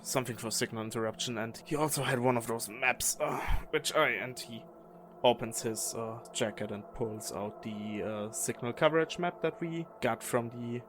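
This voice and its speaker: Halting male tabletop player, casual, noisy home recording. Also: mid-range voice. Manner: halting, many "uh" pauses. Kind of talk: casual tabletop game narration.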